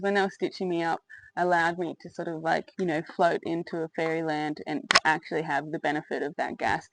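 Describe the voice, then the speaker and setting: A woman's voice: deep voice, no echo, rough recording. A woman telling her own birth story in a candid, rambling way, with lots of fillers, laughter and swearing. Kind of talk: casual personal storytelling to camera.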